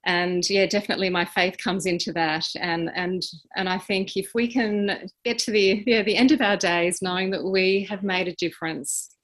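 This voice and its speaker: A woman, a podcast guest answering in an earnest, heartfelt way with halting restarts. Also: mid-range voice, fairly even intonation, a bit bright. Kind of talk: reflective interview answers.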